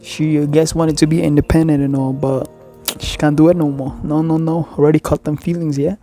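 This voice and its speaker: A man's voice: on the high side, flat delivery, brisk, dark tone, faint music behind. A man casually reacting to clips, giving blunt, laid-back opinions. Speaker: commentary host.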